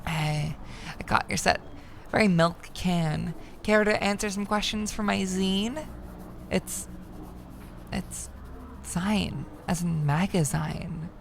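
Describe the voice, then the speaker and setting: A woman's voice: medium pitch, fairly even intonation, slow pace, gravelly, long pauses, a little hiss or hum. A young woman streaming a game, reading its text aloud and joking about it in a sardonic way, sometimes slipping into mock announcer voices.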